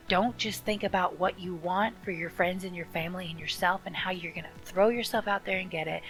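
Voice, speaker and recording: A woman's voice: lowish voice, fairly bright tone, rough recording. Earnest woman giving a tarot reading. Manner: earnest, encouraging, speaks directly to viewer. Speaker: tarot reader. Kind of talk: casual tarot reading to camera.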